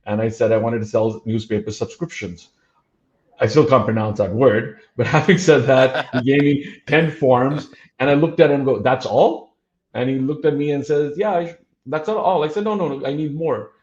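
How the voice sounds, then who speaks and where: A man in his fifties from Dubai, a podcast guest recounting a story at his own mid-height pitch. He slips into the voices of the people he quotes and pauses often on fillers. The recording sounds a little dull and lo-fi. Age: 50s. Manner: animated, acts out quoted dialogue, frequent uh fillers. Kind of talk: storytelling in a casual interview.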